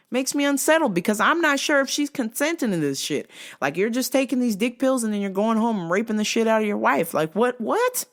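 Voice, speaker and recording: A woman hosting her own video blog, telling profane comic stories in a blunt, crude and emphatic way. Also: fairly high pitch. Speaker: vlog host.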